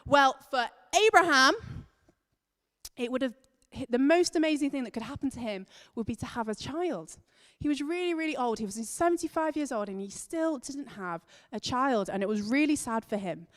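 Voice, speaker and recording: A woman giving a lively children's talk in church, telling the story with emphasis and stretching key words. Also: sits high, moderate pace. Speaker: children's and families leader. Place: large church hall. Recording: long reverb of a church hall.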